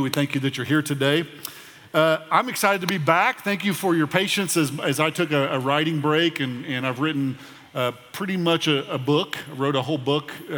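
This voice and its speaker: A man's voice: mid-range voice, a bit bright. Middle-aged pastor guy chatting through church announcements, lots of uhs and restarts, long echo from the hall. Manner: conversational, with frequent fillers and restarts. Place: large church auditorium.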